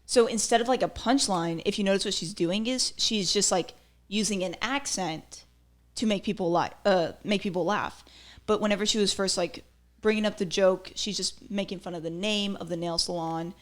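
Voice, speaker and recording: A woman with a medium-pitched voice hosts a podcast at normal speed. Her casual commentary is chatty and opinionated, packed with filler words.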